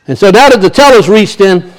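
A man's voice: sits high, expressive, brisk. A male pastor, preaching a sermon in a church and telling a folksy story with frequent chuckles.

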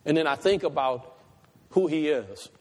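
A man delivering a sermon, his voice pitched high and lively. He climbs to loud, emphatic peaks, then drops to quiet, confiding asides. A long reverb trails behind him, as in a church hall. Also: normal speed. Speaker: pastor.

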